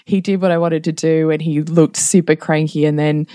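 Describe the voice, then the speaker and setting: A woman's voice: low-pitched, steady tone, moderate pace, warm tone, smooth, no room sound, clean studio sound. A middle-aged woman co-hosting a parenting podcast in casual chat, laughing often as she tells family stories. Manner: laughs often while telling anecdotes.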